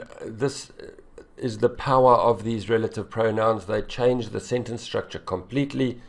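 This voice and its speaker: A man's voice: mid-range voice, vocal fry. A man teaching English writing, correcting a student essay in a blunt, exasperated, emphatic way.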